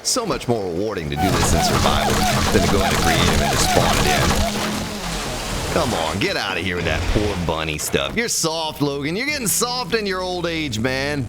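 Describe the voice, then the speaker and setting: Folksy male let's-play streamer, very animated pitch, game music underneath. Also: normal speed. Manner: folksy, joking, talks to chat by name. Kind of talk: casual gameplay commentary.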